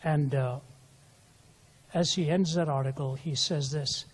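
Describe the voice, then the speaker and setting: An older man delivers a sermon in a husky, slightly high voice. He tells stories that swell into loud quoted lines, then drop soft for tender moments. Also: fairly even intonation, a little slow. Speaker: preacher. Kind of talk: sermon storytelling.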